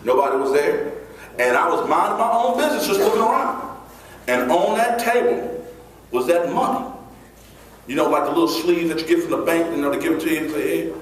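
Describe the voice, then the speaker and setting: Motivational speaker, male, high and very animated storyteller; booming hall echo, recorded from afar. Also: fairly quick. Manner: animated storyteller acting out scenes, high squeals for his child self. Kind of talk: storytelling keynote speech. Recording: echoey hall recorded from far off.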